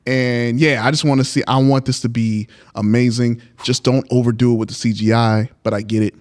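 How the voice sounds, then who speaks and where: A man's voice: medium pitch, fairly even intonation, fairly quick. Slangy, laid-back male podcast host. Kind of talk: casual chat.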